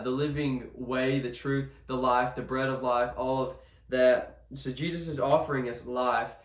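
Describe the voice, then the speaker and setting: A man giving a casual devotional sermon in a chapel, earnest and conversational, often restarting his sentences. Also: mid-range voice. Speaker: devotional speaker. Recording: echoey room.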